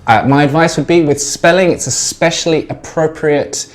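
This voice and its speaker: A man with a British accent explaining English spelling and pronunciation to learners, in a relaxed way with frequent fillers. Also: on the high side, moderate pace. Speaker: English language tutor.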